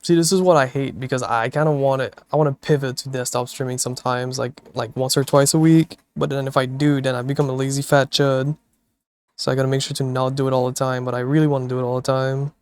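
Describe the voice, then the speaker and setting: This late-night streamer talks fast despite being sleepy, his medium-pitched voice level and clean. Sitting at his home setup with a desktop mic fed through a mixer, he chats loosely with viewers, swearing and laughing frequently.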